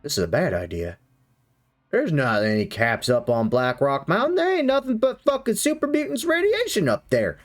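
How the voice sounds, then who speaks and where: A man voicing a furious male wasteland raider who grumbles low, then yells curses. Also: very animated, moderate pace, faint music behind. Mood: angry.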